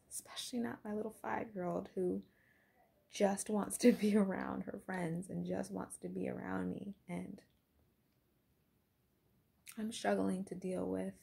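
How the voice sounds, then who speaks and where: Young adult woman, gravelly low-toned voice, mellow, candid diary vlog, drifts into whispers. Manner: candid and reflective, often dropping to a whisper. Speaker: vlogger.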